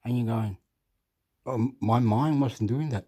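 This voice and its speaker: A man ranting off the cuff as a video commentator, excitable and profane, repeating himself and often clearing his throat. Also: medium pitch, unhurried. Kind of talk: rambling off-the-cuff rant.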